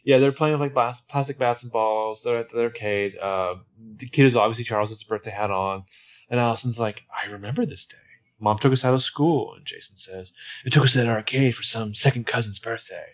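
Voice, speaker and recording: A man's voice: mid-range voice, steady tone, fairly quick. A man co-hosting a casual chat, laid-back and jokey, with plenty of fillers. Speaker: podcast co-host.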